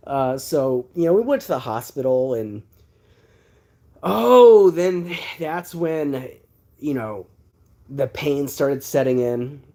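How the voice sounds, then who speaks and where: A man's voice: mid-range voice, measured pace. Rambling thirty-something man telling a story. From Texas. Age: 30s. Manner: animated, rambling storyteller with many asides and fillers. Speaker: livestream host. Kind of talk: casual storytelling on a livestream.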